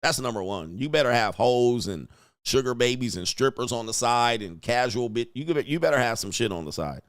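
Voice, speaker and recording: A man hosts a livestream, full of crude, slangy banter and frequent laughter. His voice sits in a middle pitch and is recorded close and dry, with no room sound around it. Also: expressive, a little fast, clear, resonant tone, no echo. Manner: brash, slangy, laughing, acts out mocking voices. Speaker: livestream host. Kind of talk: crude casual livestream commentary.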